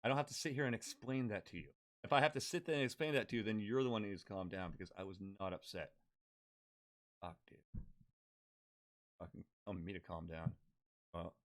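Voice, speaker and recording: A man's voice: lowish voice, very fast, fairly bright tone. A man streaming a game and chatting casually with his viewers, talking bluntly and swearing heavily. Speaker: gaming live streamer. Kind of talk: casual live-stream chat.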